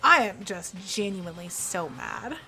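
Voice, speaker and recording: A woman's voice: medium pitch, big pitch swings, unhurried, sharp tone. A young woman streamer chatting casually while playing, venting in emphatic, expletive-heavy bursts. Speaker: game streamer. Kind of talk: casual live-stream chat. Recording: stream with faint background music.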